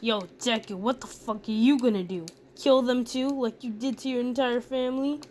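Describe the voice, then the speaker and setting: A woman's voice: fairly high pitch, steady tone, normal speed, a little mellow, close to an everyday voice. Woman doing a cocky taunting teen bully. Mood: mocking. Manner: taunting, slangy. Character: cocky cruel teen boy bully, loud and mocking.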